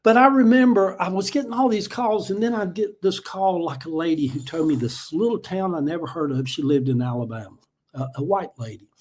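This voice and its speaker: This livestream host is an older man telling stories in a warm, folksy, emotional way while addressing his audience as y'all. He speaks in a high-pitched, brisk, slightly mellow voice.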